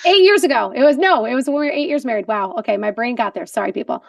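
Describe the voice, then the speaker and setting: A woman in her forties, a guest in a casual conversation, telling stories in an animated way and laughing often. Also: on the high side, quick pace, vocal fry, no room sound, clean studio sound, distant mic.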